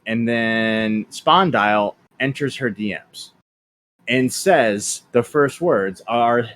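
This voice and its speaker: A man's voice: medium pitch, fairly bright tone. Offhand male podcast host. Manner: quick, offhand delivery with fillers and crude humor. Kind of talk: casual podcast chat, reading messages aloud.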